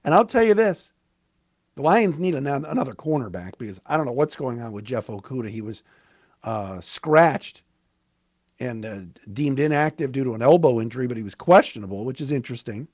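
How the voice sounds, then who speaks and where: A man hosting a solo sports podcast, recapping a game in an excited, emphatic, conversational way. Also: mid-range voice, a little fast, no echo, studio quality. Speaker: podcast host.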